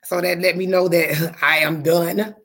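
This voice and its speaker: A woman hosting a podcast, talking to her listeners with fervent, repetitive, preacher-like faith talk, her voice going hoarse. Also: on the low side, level tone, unhurried, fairly bright tone. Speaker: podcast host.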